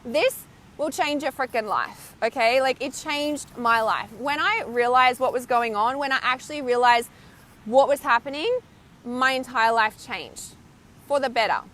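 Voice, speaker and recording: A woman's voice: sits high, unhurried, fairly bright tone. A woman mentor talking casually and with animation to her viewers, often asking "right?" and laughing between thoughts. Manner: emphatic, swears casually. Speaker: intuitive healer and mentor. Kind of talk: live stream talk to viewers. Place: outdoors, windy beach.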